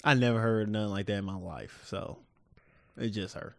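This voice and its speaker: A man's voice: moderate pace, creaky, dry recording, clean studio sound. A man co-hosting a podcast in casual banter, teasing and jumping into mock voices. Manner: teasing, lively, jumps into high-pitched mock voices. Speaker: podcast co-host.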